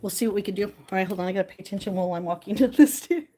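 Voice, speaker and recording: A woman's voice: mid-range voice, very fast, mellow. A woman hosting a live stream from her home kitchen, chatting casually and joking as she answers viewer comments while she cooks.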